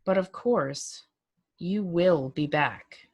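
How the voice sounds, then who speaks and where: Woman voicing a cryptic old man, low and unhurried. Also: husky, no room sound, highs cut off, exaggerated voice. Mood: knowing. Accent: slight unplaced accent. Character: mysterious old man, drowsy, cryptic, gruff.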